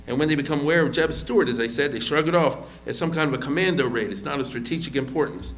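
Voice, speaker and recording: A man's voice: a little high, quick pace. Conversational man lecturing on history. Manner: conversational, lively quoted voices, frequent fillers and restarts.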